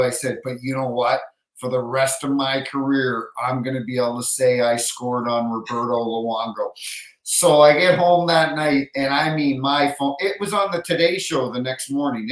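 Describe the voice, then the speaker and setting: A middle-aged man, an NHL referee, telling an animated hockey anecdote in casual storytelling, acting out the voices of others. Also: mid-range voice. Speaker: NHL referee, podcast guest. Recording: roomy echo.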